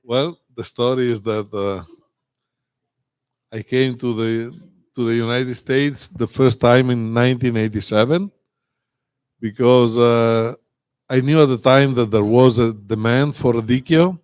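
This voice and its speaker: A man's voice: medium pitch, fairly even intonation, a little slow, a little mellow, clean tone, no echo. Older Italian-accented man telling a story. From Italy. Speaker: guest winemaker. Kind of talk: casual live chat.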